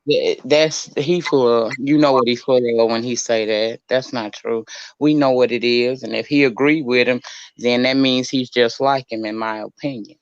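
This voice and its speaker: Curious, sassy caller, mid pitch, muffled call audio. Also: fairly even intonation, moderate pace, dry recording. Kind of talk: casual chat.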